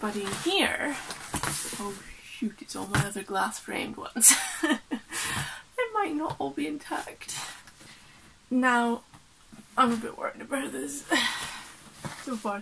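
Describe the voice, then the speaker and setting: A woman's voice: medium pitch, noisy background. A woman artist chatting casually and rambling as she unpacks her work, laughing often. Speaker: artist vlogger. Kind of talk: casual chat while unpacking.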